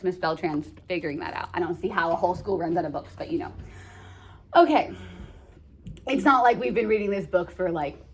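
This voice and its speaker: A woman teaching a high school English lesson in a classroom. She explains the play in a chatty way, full of jokes and slang asides to her students.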